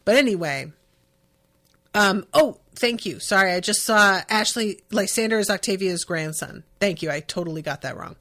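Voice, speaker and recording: A woman's voice: medium pitch, expressive, normal speed, a bit bright. A woman hosting a podcast, talking casually about a book and reading passages aloud with chatty asides. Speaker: podcast host.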